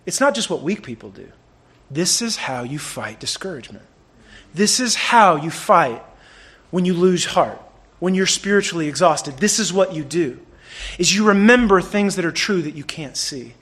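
Animated high-voiced male preacher. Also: normal speed, slightly rough. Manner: animated, conversational preaching with swings between loud and hushed. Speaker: pastor. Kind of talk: sermon.

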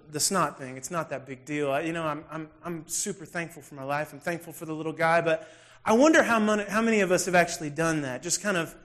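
Pastor; lively, self-mocking storyteller with a fairly high voice. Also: male voice. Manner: animated, self-deprecating, acts out scenes. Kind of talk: humorous storytelling sermon.

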